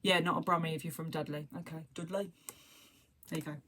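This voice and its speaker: A woman with a southern English accent talks in a relaxed, rambling way, hopping from one thought to the next. Her voice sits a little on the low side. She speaks like a host chatting casually to her regular viewers. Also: rapid-fire, a little hiss or hum. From southern England. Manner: chatty, rambling, self-described waffler. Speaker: crochet livestream host. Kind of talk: casual chat.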